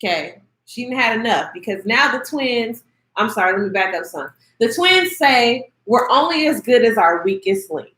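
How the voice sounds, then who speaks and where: A woman gives a sassy, emphatic review of a TV episode. Her voice sits high and swings widely in pitch as she repeats her points for effect. The sound carries the echo of a bare room. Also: animated, moderate pace, sharp tone. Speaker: TV show reviewer. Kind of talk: casual review commentary.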